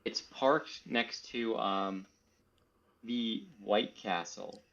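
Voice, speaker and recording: A man's voice: lowish voice, drawn-out words, fairly bright tone, muffled recording. A man playing in a tabletop game, talking in a rambling, hesitant way. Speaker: player. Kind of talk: casual tabletop play.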